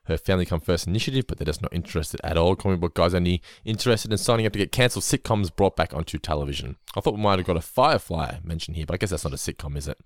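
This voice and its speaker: A man co-hosting a podcast, chatting casually and getting animated, swearing when he's worked up. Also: low-pitched, rapid-fire, few pauses, no room sound, clean studio sound. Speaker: podcast co-host. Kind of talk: casual chat recapping an episode.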